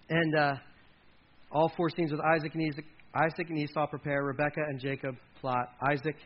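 Animated preacher on a muffled recording. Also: male voice, a little high, moderate pace. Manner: animated, reads scripture aloud with dramatic emphasis and side comments. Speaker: pastor. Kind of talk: sermon.

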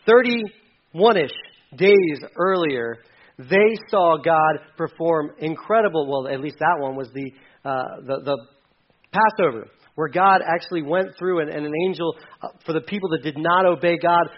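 A man in his thirties preaching a sermon in a conversational way, with sudden emphatic bursts. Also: on the high side. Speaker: pastor. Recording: dull lo-fi sound.

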